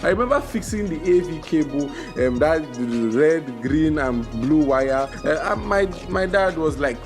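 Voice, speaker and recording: A young man doing a casual, joking review, animated, with bursts of loud exclamations. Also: a little high, unhurried, few pauses, over music. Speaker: video reviewer.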